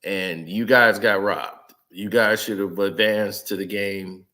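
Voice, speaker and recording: A man's voice: on the low side, steady tone, takes it slowly, sharp tone. Angry man ranting on a stream. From Chicago, USA. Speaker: sports commentary streamer. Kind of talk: angry live-stream rant.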